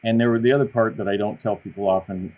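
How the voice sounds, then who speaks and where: Animated lower-voiced man telling stories. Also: fast talker, narrow, tinny audio. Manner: animated, self-deprecating storyteller. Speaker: podcast guest. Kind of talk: casual conversation.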